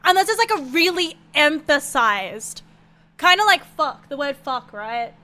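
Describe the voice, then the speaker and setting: Australian woman, game streamer, casual chat, sweary, laughs often, sharp high voice. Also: sing-song, unhurried.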